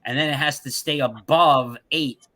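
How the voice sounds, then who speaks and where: A man's voice: medium pitch, fairly even intonation, normal speed, pushed and bright. A man co-hosting a casual trading livestream, explaining support levels and checking that listeners follow. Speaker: co-host explaining chart levels.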